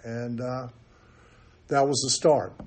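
A man's voice: medium pitch, fairly even intonation, takes it slowly, darkish tone. An older man shares his recovery story at a meeting, candid and self-mocking. He tells it loosely, with plenty of ums and restarts. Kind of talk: personal recovery testimony.

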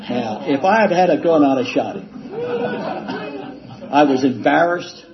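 An older man casually telling a self-deprecating recovery story, rambling with halting restarts and chuckles. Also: on the high side, a crowd in the background. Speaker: speaker sharing a recovery story. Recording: dull lo-fi recording with faint hiss.

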